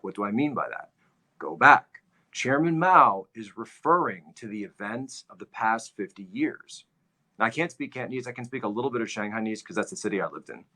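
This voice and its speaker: Male commentary host: low-pitched, forceful delivery, lecturing with emphatic repetition. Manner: emphatic, repeats phrases for stress. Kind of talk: livestream commentary, history lecture.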